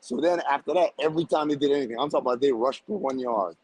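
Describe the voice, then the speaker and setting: A young man co-hosting a podcast, telling an animated story in casual chat and laughing often. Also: medium pitch, very fast, breathy edge, rough recording. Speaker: podcast co-host.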